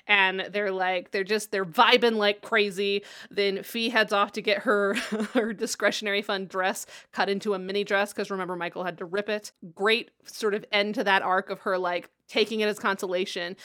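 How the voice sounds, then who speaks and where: Woman podcast host recapping tv, mid-pitched voice, chatty and animated, laughs and swears a lot. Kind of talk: casual TV episode recap chat.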